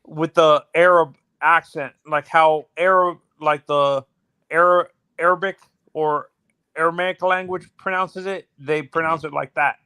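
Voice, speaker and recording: Higher-voiced man asking hesitant questions. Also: fairly even intonation, measured pace, pushed and bright, clear, resonant tone, dry recording. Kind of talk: casual panel chat.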